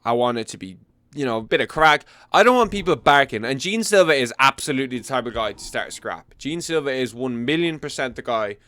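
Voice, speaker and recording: A man's voice: medium pitch, animated, fairly quick, bright, forceful tone, no room sound. A young man giving blunt, profane, casual commentary as host.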